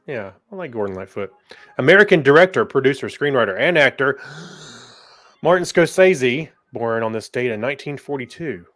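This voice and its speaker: Easygoing mid-pitched man co-hosting a podcast. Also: lively intonation, moderate pace, a bit bright, no room sound. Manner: easygoing, laughs often. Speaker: podcast co-host. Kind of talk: casual chat reading history notes.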